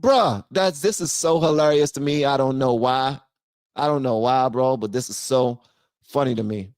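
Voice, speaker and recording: A man riffing on a live stream, swinging between loud shouted outbursts and low muttered asides. His voice sits at an ordinary middle pitch and is recorded very dry and close, with no room sound. He talks straight to his chat. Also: moderate pace, clear, resonant tone, no room sound. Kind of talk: ranting commentary and reading chat on a live stream.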